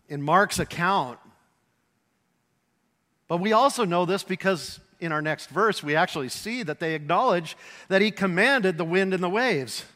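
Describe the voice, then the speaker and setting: A high-voiced man preaches a sermon with lively, animated delivery, sometimes acting out voices and raising to a shout for emphasis. His tone is bright and forward, and the long reverb of a large hall trails after each phrase. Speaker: pastor.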